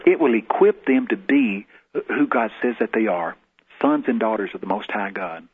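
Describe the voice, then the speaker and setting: A man's voice: lowish voice, animated, moderate pace, husky. A man, a guest minister, telling a testimony in a folksy storytelling way. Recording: tinny phone-like radio broadcast.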